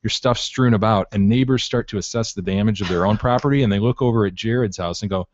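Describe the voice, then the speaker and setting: A man's voice: lowish voice, fast, lo-fi sound, heavy background noise. A man co-hosting a casual podcast, telling news stories in a loose, laughing way and swearing freely. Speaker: podcast co-host.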